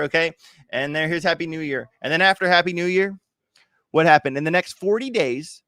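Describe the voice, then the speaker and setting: Man, crypto stream host, chatty and hyped, higher voice, dry close sound. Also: expressive, a little fast, bright, forceful tone, dry recording. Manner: chatty, hyped, joking with viewers. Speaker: crypto trading livestream host. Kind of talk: casual livestream chart analysis. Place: home, in Miami.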